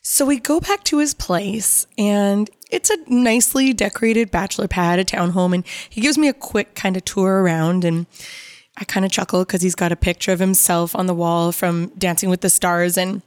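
A young woman casually telling a dating story, acting out both sides of the conversation with big pitch jumps. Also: moderate pace, smooth, dry recording, studio quality. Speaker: storyteller recounting dates.

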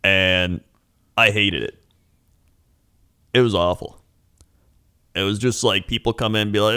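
A man's voice: fairly low pitch, a little slow, long pauses, clear, resonant tone. A man, a streamer, chatting casually and mimicking viewers in a raised voice. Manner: relaxed, mimics chat in raised voice. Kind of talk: casual chat.

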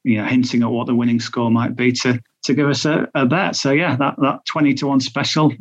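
A man's voice: medium pitch, little pitch movement, fairly quick. Chatty man with a dull lo-fi sound. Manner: chatty, thinks aloud with fillers and restarts. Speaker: betting tipster. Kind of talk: podcast chat.

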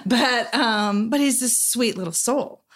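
A woman's voice: a little high, slow pace. A woman therapist as a guest in a conversation, speaking reflectively and often checking in with "right?". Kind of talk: casual podcast conversation.

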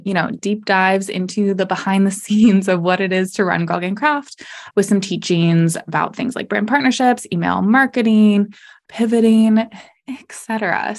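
A young adult woman hosting a solo podcast, talking casually and candidly, laughing often and filling with "like" and "you know". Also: mid-range voice. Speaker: podcast host.

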